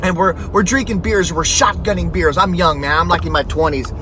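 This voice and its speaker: A man's voice: high voice, fairly even intonation, a little fast, noisy background. A man telling a personal story in a rambling, profane, laid-back way. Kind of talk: casual spoken anecdote.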